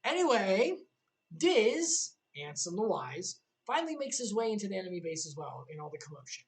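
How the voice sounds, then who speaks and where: A woman's voice: mid-range voice, very animated, moderate pace, rough recording. A young woman casually recapping a video game story on a livestream, with sarcastic, joking asides.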